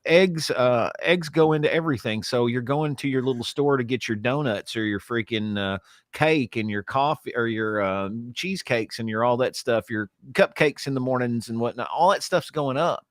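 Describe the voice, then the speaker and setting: A man's voice: medium pitch, normal speed, dry recording. Southern male co-host, easygoing rambler, dry booth sound. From Kentucky. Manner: rambling, trying out accents. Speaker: podcast co-host. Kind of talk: casual chat.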